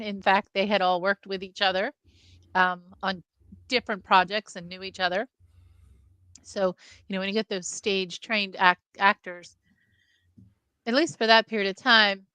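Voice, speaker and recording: Female co-host, bright, tense tone, articulate, dry close mic. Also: mid-range voice, no echo, rough recording. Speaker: film review co-host. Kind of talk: casual chat.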